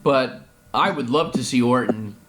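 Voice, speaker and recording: A man's voice: mid-range voice, unhurried. A man hosting a podcast in casual chat, laughing often and moving things along. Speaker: podcast host. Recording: noisy podcast recording.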